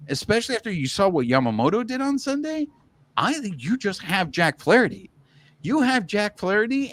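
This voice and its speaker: A man's voice: fairly high pitch, no room sound. A man co-hosting a casual baseball podcast, talking with heated, fired-up opinions. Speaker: podcast co-host. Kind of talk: casual sports chat.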